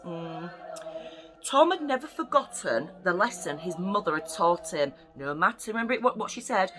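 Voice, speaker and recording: A woman's voice: on the low side, lively intonation, normal speed, over music. Playful woman reading a bedtime story. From United Kingdom. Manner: chatty, playful asides to children.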